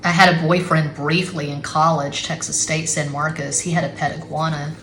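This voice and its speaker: A woman's voice: sits low, little pitch movement, normal speed, a bit bright. A middle-aged woman giving a casual tarot reading at home, rambling and blunt, with frequent swearing. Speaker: tarot reader. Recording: echoey room with faint background noise.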